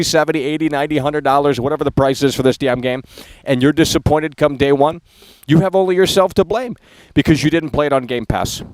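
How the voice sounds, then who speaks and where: A man delivers a preachy rant to his viewers, repeating his points and scolding them. His voice sits a little high, and the recording is dry and close with no room sound. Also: no echo, low-quality recording. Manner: preachy, scolding, repetitive, mocks viewers in whiny voice. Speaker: gaming commentator. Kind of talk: ranting vlog commentary.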